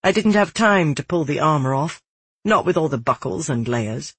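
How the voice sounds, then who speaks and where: Audiobook narrator, male, husky, slightly high, dry close sound, somber pacing. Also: expressive, normal speed, a bit bright, dry recording. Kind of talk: first-person fantasy narration.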